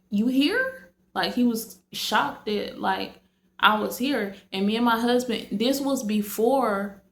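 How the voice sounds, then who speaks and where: A woman talks slowly and casually to her viewers, circling back with fillers and restarts. Her voice is gravelly and flat in pitch. The room around her is echoey. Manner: rambling, many fillers and restarts. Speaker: vlogger. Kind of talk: casual late-night talk to camera.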